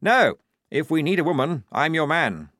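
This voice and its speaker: Man doing a posh naive young officer, high chirpy voice, lively swoops, dry sound. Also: normal speed, no room sound. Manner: chirpy, upper-class, rambling. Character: eager naive posh young male lieutenant. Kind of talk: audiobook character voice.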